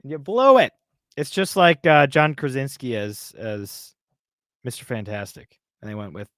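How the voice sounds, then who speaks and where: A man of middle pitch, heated and exasperated as he rants through a casual podcast chat. His voice sits close and dry on the mic, with no room sound. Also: a little slow, a bit bright, no room sound. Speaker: podcast co-host.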